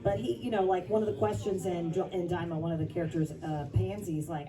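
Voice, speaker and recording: A voice actress talking on a convention panel in an animated, expressive way. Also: female voice, on the low side, brisk. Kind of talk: panel talk. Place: convention hall. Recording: from far off, over crowd noise.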